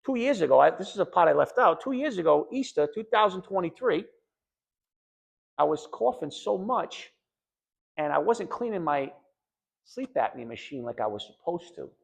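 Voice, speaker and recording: A man's voice: a little high, moderate pace, vocal fry. A middle-aged man with a New England accent telling an audience his own story as a patient, in a blunt, emphatic, conversational way. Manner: blunt, emphatic, conversational, quotes others in animated voices. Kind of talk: candid personal talk to an audience.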